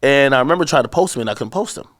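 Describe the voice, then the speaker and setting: A man's voice: mid-range voice, expressive, rapid-fire, a bit bright. A man being interviewed, telling a rambling anecdote in casual, profanity-laced speech. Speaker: interview guest, media personality.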